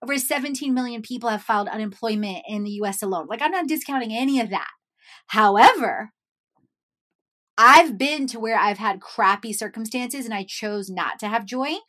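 A woman's voice: on the high side, moderate pace. A young adult woman talking casually to her viewers. She tells a personal story, says "like" often and laughs as she goes. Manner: animated, chatty, says "like" often, laughs while telling.

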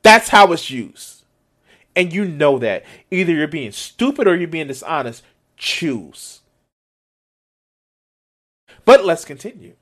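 A man reacts to a clip with exasperated, sarcastic commentary and plenty of swearing. His voice sits high and swings widely in pitch. He keeps stopping to mock what he hears. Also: very animated, slow, long pauses, a bit bright.

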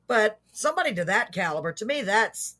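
A woman hosting a casual podcast interview, effusive and quick to laugh, often talking over her guests. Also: medium pitch, sing-song, pushed and bright, slightly rough. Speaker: podcast host.

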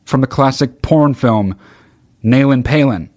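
A man's voice: mid-range voice, measured pace, a little mellow, no room sound, clean studio sound. Profane rambling male podcast host. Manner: rambling, sarcastic, swears constantly; sings mock-solemn snatches of songs. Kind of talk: profane comedic monologue.

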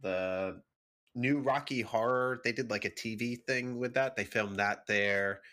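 A man's voice: mid-range voice, unhurried, pushed and bright. A man co-hosting a casual podcast, joking and laughing often as he chats about a film. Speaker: podcast co-host.

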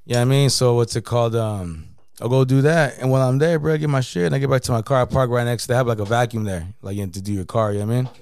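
A man's voice: medium pitch, rapid-fire, darkish tone, smooth. A man telling a story in casual podcast chat, slangy and profane, filling his talk with "you know what I mean.". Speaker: podcast co-host.

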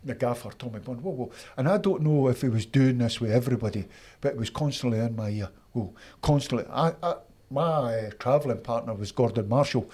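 Husky Scottish man telling football stories. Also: mid-range voice, a little fast. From Scotland. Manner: animated, acts out quotes from his old coaches. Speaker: former footballer, guest. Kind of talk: storytelling interview.

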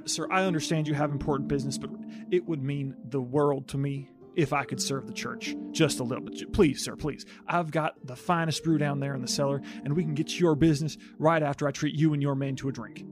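A man speaking in character during a tabletop game, with a fast, fawning, folksy patter. Music plays loudly behind him. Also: on the high side, steady tone. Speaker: player. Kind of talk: in-character tabletop role-play.

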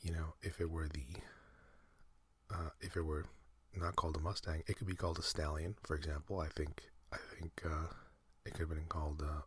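A man hosting a sleep podcast, talking in a soft breathy whisper, slow and meandering with many fillers. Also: very deep voice, flat delivery, dry recording. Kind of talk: rambling whispered sleep talk.

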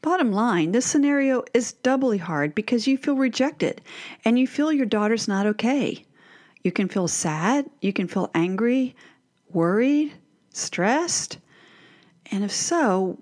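A middle-aged woman talks straight to mothers of teenagers in a scripted advice talk. She is expressive and slips into the voices of worried parents and moody teens. Her pitch sits in the middle of the range.

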